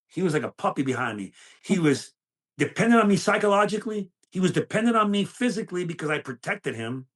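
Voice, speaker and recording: A man's voice: on the high side, a bit bright, breathy edge. An older man, a guest in an interview, telling intense stories from his past and acting out the voices of the people in them. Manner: intense, dramatic storyteller who acts out other voices. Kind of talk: storytelling in a conversational interview.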